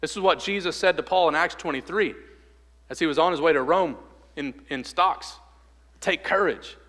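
Male pastor preaching, goes loud and urgent then soft and hushed in prayer, long church reverb. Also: moderate pace. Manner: rises loud on exhortations, drops soft and low in prayer. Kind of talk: sermon with closing prayer. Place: church sanctuary.

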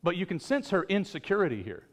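A man delivers a sermon in an easy, chatty way, breaking off for light jokes with the congregation. His voice sits a little higher than most men's. The sound carries a long reverb, as in a church hall. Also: sing-song, fast talker. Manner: conversational preaching with joking asides. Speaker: pastor.

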